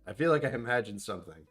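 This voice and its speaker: A man's voice: mid-range voice, animated, fast talker, fairly bright tone, soft background music. A man hosting a casual whiskey tasting vlog, rambling and self-deprecating as he thinks aloud about what he smells and tastes. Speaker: whiskey reviewer.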